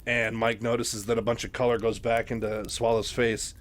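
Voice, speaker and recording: A man's voice: mid-range voice, level tone, moderate pace. A man casually retelling a novel, loose and full of fillers. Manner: loose, filler-heavy, lots of "like". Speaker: book retelling host.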